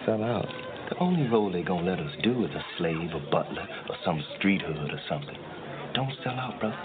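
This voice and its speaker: An indignant actor ranting in a low voice. It comes through a tinny line with loud chatter behind. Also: male voice, sing-song, fairly quick. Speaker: actor waiting for an audition. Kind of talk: comedy film scene. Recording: tinny phone-line film audio with crowd.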